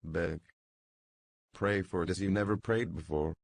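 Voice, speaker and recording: A man reading an audiobook voices a domineering, savage brothel keeper who bullies and gloats in quick, clipped bursts. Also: deep voice, steady tone, gravelly, no echo, exaggerated voice.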